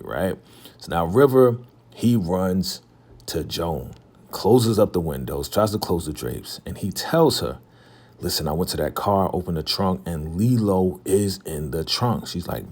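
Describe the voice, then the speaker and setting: A man's voice: low-pitched, expressive, moderate pace, a little mellow. A young man casually recapping a TV drama episode, retelling scenes by quoting the characters in loose paraphrase and chuckling now and then. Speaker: TV recap host.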